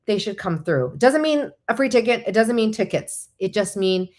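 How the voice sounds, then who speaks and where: A woman vlogger giving casual, encouraging and practical advice, chatty with quick asides. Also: mid-range voice, expressive, darkish tone. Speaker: vlogger host.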